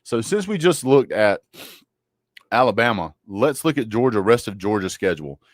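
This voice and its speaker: Man, lowish voice, dry close sound, casual football livestream host, blunt joking trash talk. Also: very animated, moderate pace, dry recording.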